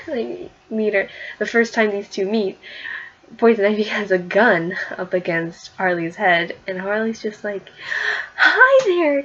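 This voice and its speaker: A woman's voice: mid-range voice, breathy edge, muffled recording. A woman casually talking through a comic issue in a chatty vlog, full of fillers and giggles. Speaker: comic book reviewer.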